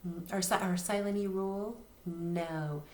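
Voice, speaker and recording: A woman's voice: fairly low pitch, steady tone, unhurried, echoey room. A woman teacher giving a patient recorded phonics lesson to young children, spelling words out letter by letter. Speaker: reading teacher.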